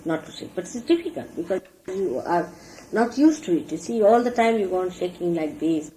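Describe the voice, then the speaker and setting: A woman delivers an earnest, instructive sermon, stressing her points and showing them as she talks. Her voice sits low and mellow but rises and falls freely. The archive recording carries a faint hiss. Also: big pitch swings, fairly quick, poor audio. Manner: earnest, instructive, demonstrates with gestures. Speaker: spiritual teacher. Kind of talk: sermon to followers.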